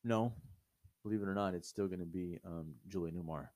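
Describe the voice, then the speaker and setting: A man's voice: deep voice, a little fast, darkish tone, dry recording. A man co-hosting a podcast, talking in a blunt, profane, emphatic way in casual, opinionated chat. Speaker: podcast co-host.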